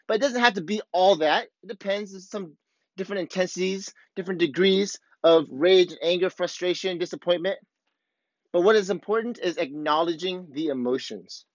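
A man's voice: a little high, no echo. A man coaching surfers, talking candidly and bluntly to camera, swearing freely as he walks through his own feelings. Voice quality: blunt, profane and self-revealing. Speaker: surf coach. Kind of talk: candid motivational talk to camera. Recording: dull, slightly lo-fi dry recording.

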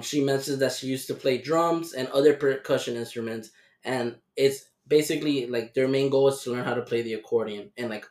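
A young man hosting a podcast, telling a dating story in a casual, animated, profane way and acting out the people in it. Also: medium pitch. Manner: animated, profane, doing voices in quotes. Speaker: podcast host. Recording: roomy echo.

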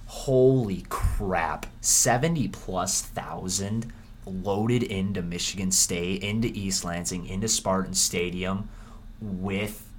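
A man hosting a casual sports preview, rambling and animated with frequent restarts. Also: low-pitched, takes it slowly, slight background noise. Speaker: sports podcast host.

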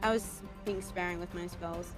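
A woman's voice: lowish voice, fairly even intonation, normal speed, over music. A woman playing a tabletop game, talking casually and a little hesitantly, often laughing. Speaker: player.

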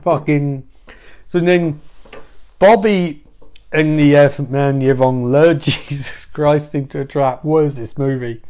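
A man's voice: a little high, fairly even intonation, unhurried, warm tone. A man doing a rambling, crude improvised comedy monologue at home. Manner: rambling, crude, self-mocking.

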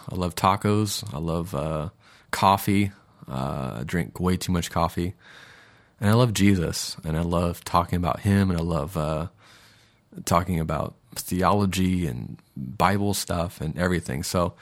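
Low-voiced man rambling through a podcast. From Florida, USA. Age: 30s. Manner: rambling and digressive, with many fillers. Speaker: podcast host. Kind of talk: casual podcast monologue.

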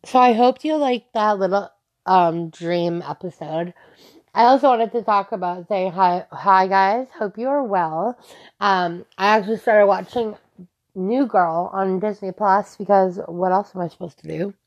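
A woman's voice: medium pitch, unhurried. Rambling woman podcaster, lo-fi. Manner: rambling, loose, peppered with "like" and swearing. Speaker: podcast host. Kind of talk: casual solo podcast storytelling. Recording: slightly dull lo-fi recording.

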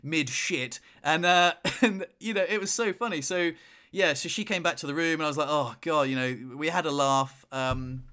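A young man chatting on a podcast, telling a funny story with lively, dramatic retellings. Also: on the high side, normal speed, smooth. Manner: animated storyteller, shouts in retold moments. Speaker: podcast co-host. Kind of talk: casual chat, storytelling.

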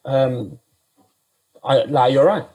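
A man's voice: mid-range voice, takes it slowly, warm tone, husky. A man preaching a sermon in a casual, conversational way, often repeating himself and speaking straight to "guys".

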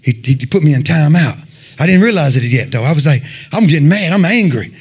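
A man giving a fervent sermon and personal testimony, telling his story in an animated way and peppering it with "man.". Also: a little high, fairly quick, breathy edge. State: sweating, winded after worship. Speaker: lay preacher giving testimony.

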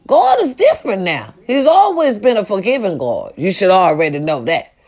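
A woman delivering a comedic rant to her viewers, loud and profane, hollering with big swings in her voice. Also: mid-range voice, big pitch swings, normal speed.

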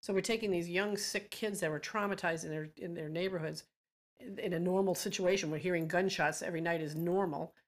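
A woman's voice: on the low side, steady tone, brisk. A middle-aged woman from Georgia, an advocacy group founder and guest, telling emotional stories in an earnest, impassioned way. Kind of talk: emotional interview talk.

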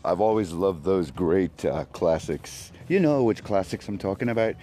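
A man's voice: sits low, expressive, normal speed, warm tone, soft background music. A man hosting a solo podcast, talking in a loopy, wandering, jokey way. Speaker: podcast host. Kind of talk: rambling solo podcast chat.

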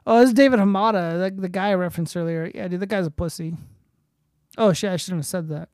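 A man's voice: high voice, fast talker, darkish tone, no room sound, clean studio sound. A young man hosting a casual livestream, reading posts aloud and swearing freely in loose, rambling commentary. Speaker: streamer host.

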